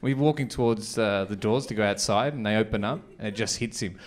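A man telling a story in live stand-up comedy, chatty and animated. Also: lowish voice, brisk. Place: comedy stage.

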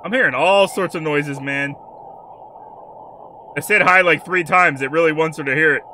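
A man's voice: on the high side, moderate pace, pushed and bright, a little hiss or hum. A man hosting a reaction video, commenting casually and jumping at scary moments. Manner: jumpy, exclaims and laughs, talks to the viewer casually.

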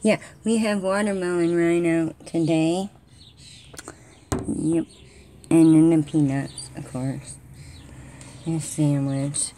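A woman's voice: low-pitched, fairly even intonation, measured pace, dark tone, slight background noise. Chatty woman narrating backyard squirrels. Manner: chatty, talks to the animals and her viewers. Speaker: squirrel-watching vlogger. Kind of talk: casual running commentary to camera.

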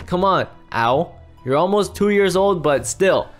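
Excitable man in a comedic Minecraft roleplay. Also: sits high, faint music behind. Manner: excitable, quick to exclaim and yell. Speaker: roleplay series creator and lead player.

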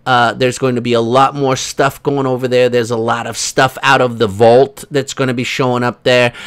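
A man's voice: medium pitch, a bit bright, clear, resonant tone. A man hosting a casual commentary video, rambling and sarcastic, with many fillers. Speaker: host.

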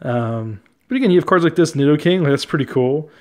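A man's voice: on the high side, a little fast. Chatty man showing off his card collection. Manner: relaxed, chatty, easily amused, many fillers. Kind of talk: casual commentary on a card collection.

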